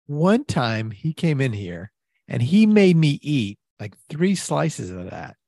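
A man co-hosting an improvised comedy podcast, animated and teasing, quick to laugh. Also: a little high, gravelly, no room sound, clean studio sound. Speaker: co-host.

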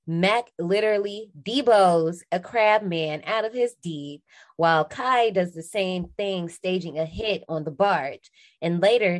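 A woman in her twenties, a podcast co-host, recapping a film in casual, slangy chat and laughing often. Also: lowish voice.

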